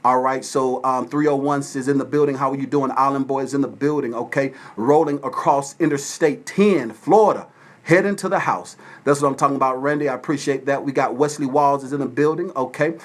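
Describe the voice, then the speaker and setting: A man from Atlanta, Georgia, hosting a casual livestream from his phone at home and shouting out viewers by name. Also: medium pitch, a little fast. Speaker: livestream host. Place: at home with windows open.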